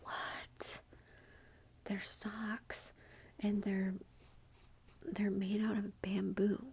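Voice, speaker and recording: A woman hosting an ASMR channel, chatting in a soft whisper about her gifts while feeling unwell, with a self-deprecating touch. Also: mid-range voice, level tone, extremely slow, vocal fry, husky. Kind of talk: whispered ASMR haul commentary.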